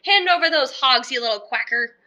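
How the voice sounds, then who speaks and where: A woman's voice: high voice, animated, a little fast, bright, forceful tone, highs cut off, full character voice. A woman voicing a grouchy, hungry old female witch who screeches and cackles in a storybook reading. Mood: bossy.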